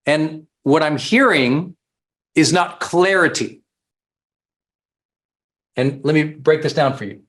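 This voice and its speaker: High-voiced man giving a punchy coaching talk. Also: unhurried, pauses often. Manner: animated, emphatic, repeats phrases for effect. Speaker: life coach. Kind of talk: motivational seminar talk.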